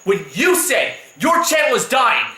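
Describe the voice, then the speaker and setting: A YouTube commentator delivers a heated, profanity-laced rant vlog, repeating himself for emphasis. His voice is extremely high, sing-song, unhurried and sharp, captured in a reverberant, low-quality recording.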